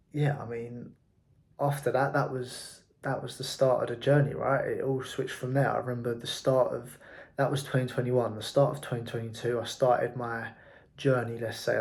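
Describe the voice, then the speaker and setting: A man's voice: medium pitch, darkish tone. A man, speaking candidly in a reflective personal monologue about his working life. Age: 20s. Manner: candid, frank, occasional swearing. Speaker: entrepreneur vlogger.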